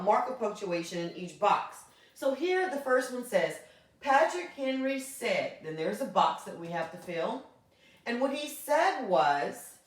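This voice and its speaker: A woman teacher giving a grammar lesson, explaining patiently and often checking in with "okay?". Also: medium pitch. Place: classroom. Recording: very echoey room, voice from far off.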